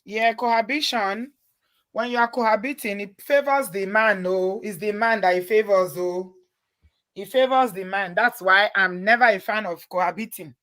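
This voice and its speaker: A woman's voice: mid-range voice, normal speed, no echo. A Nigerian woman hosting a live call-in chat, giving emphatic advice and welcoming callers. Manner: emphatic, advising, warm toward callers. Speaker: host.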